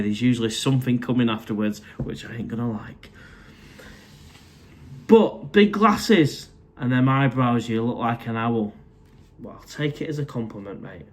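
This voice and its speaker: A man's voice: mid-range voice, lively intonation, normal speed. Chatty Mancunian man, middle-aged. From Manchester, England. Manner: chatty and matey, calls viewers mate. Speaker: live-stream host reading viewer comments. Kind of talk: casual live-stream chat. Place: condo indoors.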